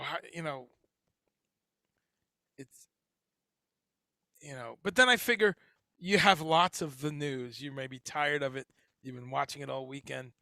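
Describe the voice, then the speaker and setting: A man's voice: on the high side, vocal fry, sharp tone, no room sound, studio quality. A man hosting a casual livestream chat, talking in a rambling way with lots of fillers and restarts. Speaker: livestream host. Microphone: headphones and home streaming setup.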